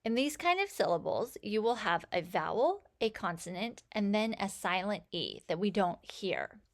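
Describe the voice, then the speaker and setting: A woman teaching a phonics lesson, sounding out letters and words with slow, clear enunciation. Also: mid-range voice, big pitch swings. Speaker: reading teacher.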